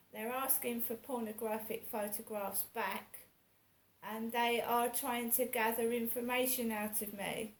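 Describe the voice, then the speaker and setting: Gravelly woman in her fifties. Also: fairly high pitch, a little hiss or hum. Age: 50s. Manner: rambling, with restarts and self-corrections. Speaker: vlogger. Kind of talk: casual chat to camera. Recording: echoey room with faint background ambience.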